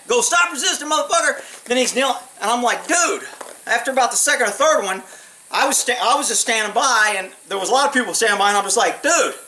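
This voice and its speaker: A man recounting old police work in a loose, unscripted monologue, his voice bright and edgy. He talks bluntly, swears freely and jumps into quick impressions of the people in his stories. A faint hiss sits under the recording. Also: extremely high pitch, poor audio. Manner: blunt, profane, animated retelling with acted quotes. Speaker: former police officer telling stories. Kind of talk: casual storytelling monologue.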